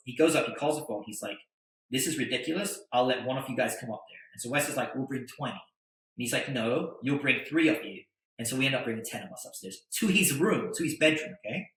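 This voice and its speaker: A middle-aged man telling a long story in a podcast interview, animated and acting out what people said. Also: fairly high pitch, reverberant, rough recording. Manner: animated storyteller, acts out quotes. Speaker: guest, attorney and entrepreneur.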